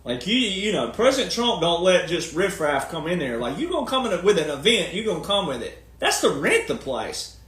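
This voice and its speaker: A man's voice: sits high, sing-song, fairly quick, fairly bright tone, echoey room. A man talking in a long, casual monologue, folksy and emphatic, firing off rhetorical questions. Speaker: commentator and speaker.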